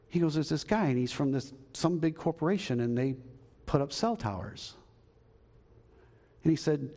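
A man's voice: fairly high pitch, animated, normal speed, long pauses, darkish tone, long reverb tail. A male pastor telling a story in a sermon and then leading a closing prayer, acting out the voices he quotes. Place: church sanctuary.

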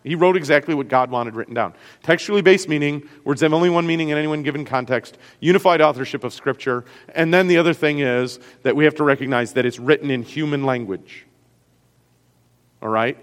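A man's voice: on the high side, a little fast, in a large hall. A man with a Great Lakes American accent, a pastor teaching a class on Scripture in a conversational way, often checking in with his listeners. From US Great Lakes region.

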